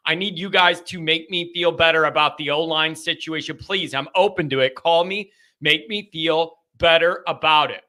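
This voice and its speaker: A man hosting a live call-in show, chatting loosely and rambling, with an animated, anxious edge. His voice sits high and comes across very bright and sharp. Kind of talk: casual live chat.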